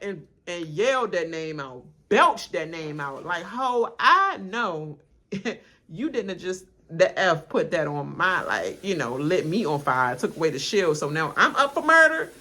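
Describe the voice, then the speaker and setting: Lively, bright-voiced woman reacting. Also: on the low side, unhurried. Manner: animated, laughing, mimics cast members with loud yelled names. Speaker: reaction video host. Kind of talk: casual reality TV reaction commentary.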